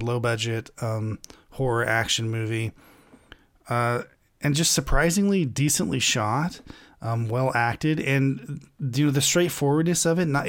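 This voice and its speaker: Rambling, swearing man in casual chat. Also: medium pitch. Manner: rambling, halting, swears freely.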